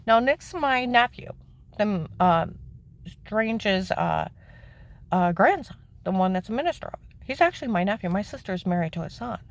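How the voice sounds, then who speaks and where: A woman telling the story of her own life in plain words, emphatic and indignant, her voice climbing high when she is upset. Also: animated, normal speed, vocal fry. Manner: plain-spoken, with frequent "okay?" asides. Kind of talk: personal testimony, candid storytelling.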